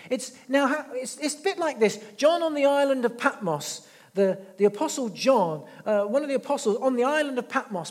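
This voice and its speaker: A man preaching a sermon in a church, conversational, repeating his phrases and dropping quiet for intense moments. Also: sits high, big-room sound. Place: church hall.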